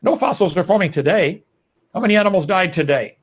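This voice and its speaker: A man's voice: high voice, lively intonation, fast. A man making emphatic, preachy arguments in a live debate.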